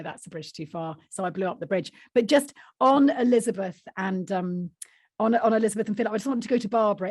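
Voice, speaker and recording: Husky-voiced woman author telling stories. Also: medium pitch, no room sound, clean studio sound. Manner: lively anecdotes, acts out voices. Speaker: author and guest. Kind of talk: interview storytelling.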